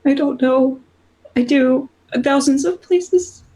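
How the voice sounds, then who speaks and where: A woman's voice: high voice, takes it slowly, warm tone, voice pushed up. A woman voicing an ancient goddess who is split apart and sobbing, repeating her words like a mantra. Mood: grieving.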